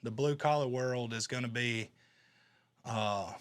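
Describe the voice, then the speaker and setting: A man's voice: medium pitch, unhurried. Laid-back male podcast host. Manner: laid-back, chuckling, rambling with restarts. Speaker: podcast host reading and answering call-in messages. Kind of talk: casual commentary.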